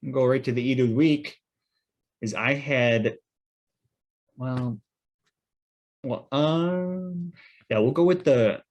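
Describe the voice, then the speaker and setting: Male podcast co-host, casual, animated, rambling anecdote with frequent fillers. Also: mid-range voice. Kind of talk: casual storytelling.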